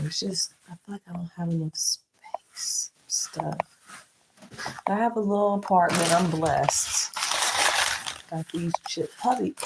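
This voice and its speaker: A woman's voice: lowish voice, heavy background noise. Chatty woman in her thirties doing chores. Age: 30s. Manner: chatty, candid, talks to viewers as y'all. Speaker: vlogger. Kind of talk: casual chat while doing chores. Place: at home in a small apartment kitchen.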